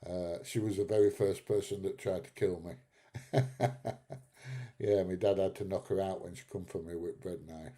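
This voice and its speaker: Reading out chat on his live stream, this middle-aged host keeps things blunt and casual, cursing and cracking himself up. He speaks low, flat, and warm at a moderate pace.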